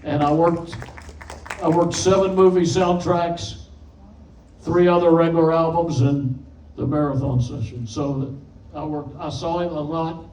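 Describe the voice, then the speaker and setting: A man's voice: on the high side, measured pace. Folksy guy in his 80s spinning stories, echoey hall, a bit far from the mic. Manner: folksy, plain-spoken, relaxed storyteller. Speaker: session musician guest. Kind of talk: stage panel storytelling. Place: event stage before an audience. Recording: distant echoey hall mic with faint noise.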